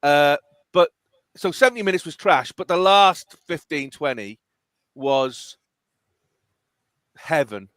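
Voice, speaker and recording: Animated middle-aged podcast host. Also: male voice, a little high, a little slow, no room sound. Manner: animated, emphatic storytelling. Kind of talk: casual podcast chat.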